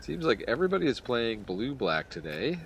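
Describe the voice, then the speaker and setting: A man's voice: mid-range voice, very animated, normal speed, gravelly, a little hiss or hum. A man giving casual play-by-play commentary on a card game, muttering, sighing and laughing at the plays. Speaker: gameplay commentator.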